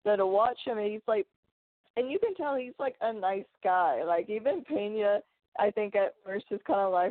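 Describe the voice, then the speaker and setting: A woman's voice: medium pitch, moderate pace, dry recording. A woman co-hosting a podcast from home, chatting casually with joking asides. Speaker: podcast co-host. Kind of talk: casual chat. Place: home with hardwood floors. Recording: dry, tinny phone-like line.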